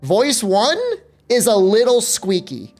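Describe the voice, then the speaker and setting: A man's voice: high-pitched, sing-song, takes it slowly, darkish tone, soft background music. A man live-streaming a game, chatting loosely with viewers and joking as he talks. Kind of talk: casual live-stream chat.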